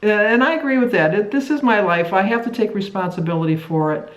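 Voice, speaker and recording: A middle-aged woman from the United States chatting to camera in a weight-loss vlog, rambling and halting, with many restarts. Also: mid-range voice, a little hiss or hum. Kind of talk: casual chat to camera. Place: a room at home. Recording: echoey room.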